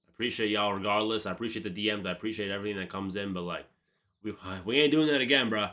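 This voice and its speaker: A man streamer telling a casual story, animated and profane, full of slang and calling everyone bro. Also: on the low side, very fast.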